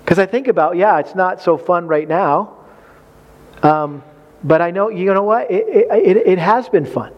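Male preacher, high voice, chatty and humorous, slightly muffled sound. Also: normal speed. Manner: conversational, folksy, with acted-out quotes and humor. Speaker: preacher speaking on marriage. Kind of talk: sermon.

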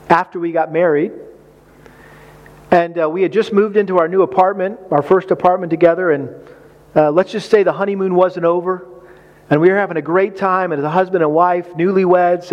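Middle-aged male pastor with a high voice; animated sermon delivery, acting out his own story. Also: dull audio.

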